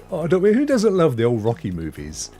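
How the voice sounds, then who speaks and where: Animated male stream host. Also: fairly high pitch, normal speed, soft background music. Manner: chatty and animated, greets viewers warmly by name. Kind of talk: live-stream chat reading viewer comments.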